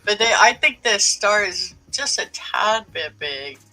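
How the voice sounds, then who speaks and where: A woman's voice: mid-range voice, expressive, a little slow, sharp tone, soft background music, poor audio. A woman chatting casually with friends on a voice call, easygoing and laughing along.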